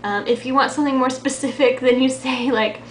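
Young woman from Texas, light Texan accent, high-pitched voice, speaks softly into her camera's built-in mic in a roomy, echoey space. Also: fairly even intonation, a little fast, a little hiss or hum. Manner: soft-spoken, quiet. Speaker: vlogger. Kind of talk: casual chat to camera. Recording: echoey room.

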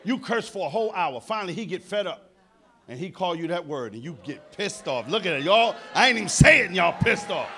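A middle-aged man with a New York accent doing a live stand-up set, loud and brash, dropping to mutters and then bursting into shouts. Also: sits high, expressive, fairly quick. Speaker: stand-up comedian. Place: live theater stage.

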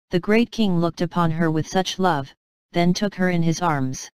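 A woman narrating a devotional allegory audiobook in a measured, dramatic storytelling manner. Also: on the low side, darkish tone, smooth, no echo, low-quality recording.

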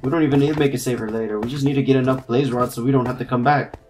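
A young adult in their twenties hosting a casual gameplay chat, excitable and quick to yelp when startled. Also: medium pitch, faint music behind. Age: 20s. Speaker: gaming channel host. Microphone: computer mic with clicking keys.

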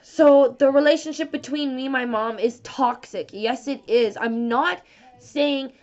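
A woman's voice: high-pitched, a little slow, darkish tone. A young woman from Canada, talking in a rambling, emotional personal vlog full of restarts and fillers. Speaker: vlogger. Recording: dull lo-fi audio.

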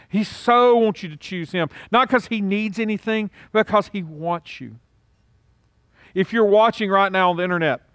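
A man preaching a sermon, moving from hushed and solemn to loud, urgent pleading. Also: high voice, no echo, clean studio sound. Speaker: pastor.

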